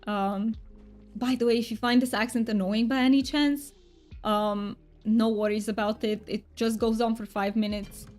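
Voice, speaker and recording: A woman's voice: fairly high pitch, fairly even intonation, moderate pace, a little mellow, close to an everyday voice. Woman putting on a thick fake Romanian accent. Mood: playful. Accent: put-on thick Romanian accent. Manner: playful, thanks viewers often. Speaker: game streamer. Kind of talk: casual live-stream chat. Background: faint background music.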